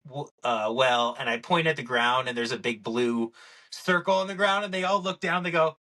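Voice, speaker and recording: A young man co-hosts a casual podcast chat, his mid-range voice moving at a moderate pace. He's an animated storyteller who acts out what people said.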